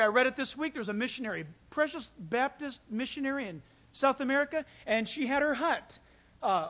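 A pastor preaching a sermon, telling stories with animated delivery and acting out quoted voices. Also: male voice, very high voice. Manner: animated storytelling, acts out quotes.

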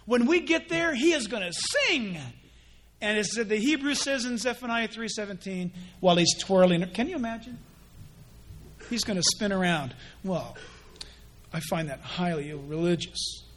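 Lively high-voiced male preacher. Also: normal speed. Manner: animated preaching with mock dialogues and laughs. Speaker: pastor. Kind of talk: sermon.

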